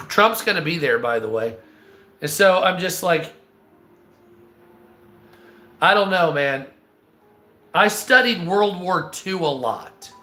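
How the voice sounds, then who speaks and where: A man ranting casually on a live stream, swearing often, stammering and clearing his throat. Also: fairly high pitch, bright, forceful tone, echoey room. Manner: profane, exasperated, restarts and stammers.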